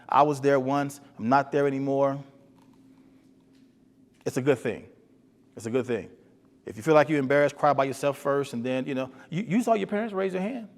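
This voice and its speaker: A man giving an earnest motivational talk to boys, often repeating himself and putting questions to the audience. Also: a little high. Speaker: speaker for boys. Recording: long hall reverb.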